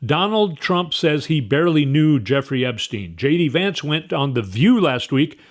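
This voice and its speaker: A man's voice: fairly high pitch, lively intonation, a little slow. A man hosting a commentary show, reading news aloud in a casual, emphatic way and repeating words for stress. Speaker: host.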